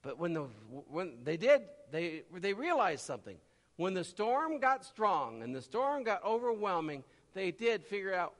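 A man delivers a sermon in a high, bright voice that leaps widely up and down, crying out one moment and dropping to a murmur the next. He acts out the voices of the people in his story. The sound rings in the long reverb of a large church hall. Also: very animated, measured pace. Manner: swings from loud cries to low murmurs, acts out voices. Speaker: preacher.

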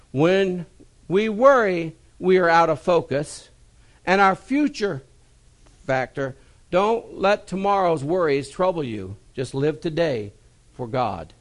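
Man preaching, high voice, dramatic swings. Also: sing-song, slow pace. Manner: dramatic swings from loud emphatic to quiet and low; folksy and personal, repeating key phrases. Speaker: pastor. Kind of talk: sermon.

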